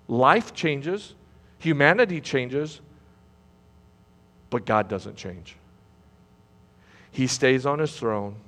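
A high-pitched man delivers a sermon from a pulpit in a church. He moves between soaring, loud cries and hushed, low passages, and he often repeats phrases. His voice carries a long reverb through the large hall. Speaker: preacher. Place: church sanctuary.

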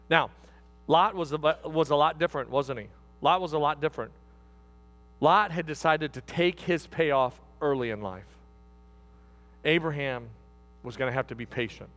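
High-voiced preacher man, folksy and repeating. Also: normal speed. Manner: folksy, repetitive, swings from soft asides to loud exhortation. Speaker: pastor. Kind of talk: sermon.

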